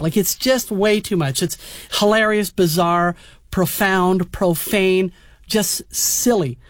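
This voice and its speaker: A man's voice: high voice, unhurried, dry recording. Chatty male radio host, dry studio. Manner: chatty, laughs easily. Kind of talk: casual radio chat.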